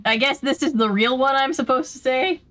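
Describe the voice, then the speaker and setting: A woman hosting a casual gaming chat with a friend, reacting with quick, incredulous questions. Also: high voice, a bit bright, a little hiss or hum. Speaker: host.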